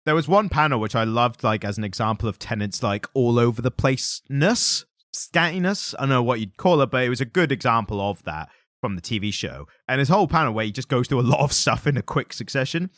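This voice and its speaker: A man co-hosting a podcast, chatting casually about a comic with quick asides and self-interruptions. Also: medium pitch, lively intonation, a bit bright, no room sound, clean studio sound. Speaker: podcast co-host.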